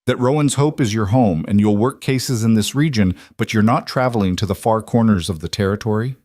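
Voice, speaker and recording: Guy doing a soft earnest frontier wife, western storybook, kinda low voice, super dry close audio. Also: fairly quick, dry recording, close to an everyday voice. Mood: gentle. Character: hopeful, tender young frontier wife.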